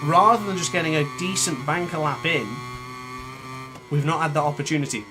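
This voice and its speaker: A gaming YouTuber gives live commentary on a motorbike racing game, with engine noise and music behind his voice. His voice is on the high side and fairly quick. Frustrated, he mutters and often scolds himself.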